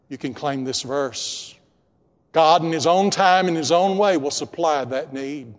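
A man preaching a sermon in a church. He drops to hushed tones and then swells to emphatic peaks. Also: on the high side, measured pace, big-room sound. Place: church building with congregation.

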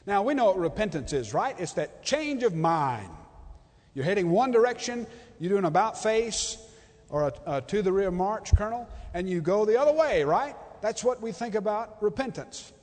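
A man with a high voice preaches in a church sanctuary, swinging from loud, fervent declarations to near-whispered readings. His words ring out with a long hall reverb behind them. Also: big pitch swings, moderate pace. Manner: impassioned, swings between loud and hushed. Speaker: pastor. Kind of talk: sermon.

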